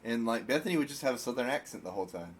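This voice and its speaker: A man's voice: mid-range voice, animated, rapid-fire, slight background noise. A young man from South Carolina, co-hosting a podcast and telling stories in loose, teasing chat full of fillers. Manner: rambling, teasing, filler-heavy. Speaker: podcast co-host. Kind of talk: casual chat, storytelling.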